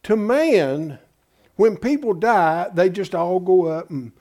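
Slow and mellow, this high-pitched preacher delivers a Bible-study sermon in an emphatic, folksy style. He addresses the congregation as "folks" and frequently poses rhetorical questions.

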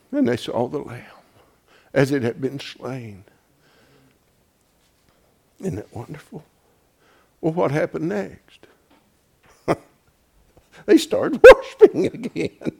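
A man preaching a fiery sermon, swinging from shouted, tearful peaks to low, quiet stretches. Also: big pitch swings, slow, creaky, pauses often, husky. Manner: rising to shouted, tearful crescendos, then dropping low.

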